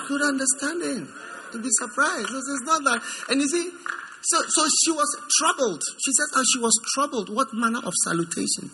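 A man preaching a sermon in an animated way. He acts out figures in put-on voices and swings between high mocking tones and low, intimate ones. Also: moderate pace, noisy background.

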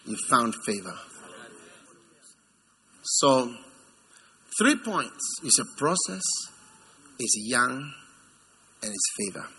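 Very slow and full of long pauses, with a little hiss or hum audible, a man gives an animated sermon. He plays figures in put-on voices, moving between high, mocking tones and low, intimate ones.

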